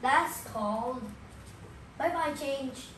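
Slow, patient woman teaching young kids. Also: high voice, fairly bright tone, slight background noise. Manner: repeats key words slowly, asks the listener questions. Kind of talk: slow classroom explanation for young children. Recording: echoey room with faint ambience.

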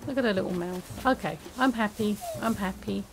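A woman's voice: mid-range voice, a little fast, gravelly, rough recording. Lady chatting thru her game, kinda hesitant, lots of restarts, faint music behind. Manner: chatty, hesitant restarts, soft-spoken in sad parts. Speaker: gaming video creator. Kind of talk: casual gameplay commentary.

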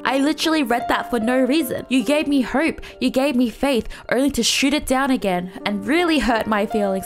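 A young woman with a somewhat high voice reacts to gaming memes in a casual, teasing tone. She laughs often and mixes sarcasm into her commentary. Faint music plays behind her. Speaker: gaming YouTuber.

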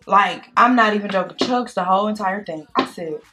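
A woman vlogger chatting casually while doing makeup, telling a date story in a sassy, animated way and calling the listener girl and baby. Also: mid-range voice, a little fast, faint music behind. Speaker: beauty vlogger. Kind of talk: casual storytime chat during makeup tutorial.

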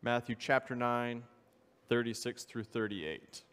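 A man preaching a sermon as a visiting missionary, earnest and steady, reading scripture aloud in old-fashioned wording. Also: medium pitch, a little slow, smooth, long reverb tail. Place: church sanctuary.

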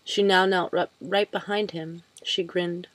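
Low-voiced woman reading a novel aloud. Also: fairly even intonation, a little slow, low-quality recording. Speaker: reader.

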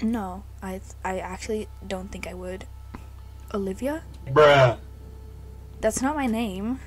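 A young woman playing a horror game alone in a dark basement, jumpy and scared, often swearing and screaming. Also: mid-range voice, unhurried. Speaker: gaming video creator.

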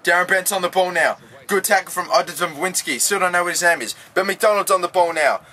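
Aussie gamer guy, high bright voice, excitable commentary that keeps blowing up into swearing. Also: brisk. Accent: Australian. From Australia. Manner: swings from calm play-by-play to loud, swearing outbursts. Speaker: gaming YouTuber.

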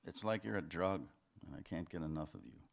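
A man's voice: sits low, a little fast, vocal fry. Andy, a man reading an insecure, pleading lover. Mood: anxious. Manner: hesitant and pleading, stammers. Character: insecure, anxious man in a secret affair. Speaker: reader of a story's dialogue. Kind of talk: live fiction reading.

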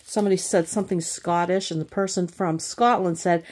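Tired, chatty woman with a lowish voice. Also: fairly even intonation, brisk, a little mellow. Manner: chatty, rambling, thinks aloud with restarts. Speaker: crafting channel host. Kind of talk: casual unboxing chat.

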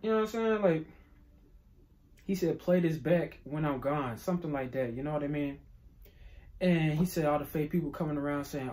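A man giving casual reaction commentary to a song, talking in a halting, reflective way and often stopping to ask whether you follow him. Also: on the high side, noisy background. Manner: halting, reflective, repeats "you know what I'm saying". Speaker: reaction video creator.

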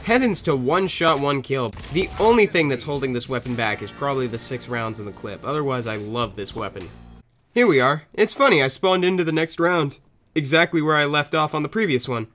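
A man's voice: mid-range voice, lively intonation, a little fast, fairly bright tone, soft background music. A young man with a stuffy nose from a cold, giving casual gameplay commentary and chatting at the game and other players.

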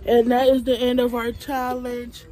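A woman's voice: fairly high pitch, level tone, normal speed, warm tone, rough recording. Chatty young woman vlogging from a porch. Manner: slangy, chatty, laid-back. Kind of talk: casual chat to camera. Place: outdoors on a porch at night.

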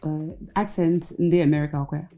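Low-voiced woman speaking frankly. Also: steady tone, quick pace, mellow, soft background music, low-quality recording. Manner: frank, mixes in Igbo phrases. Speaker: interview guest, former reality show contestant. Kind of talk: casual interview.

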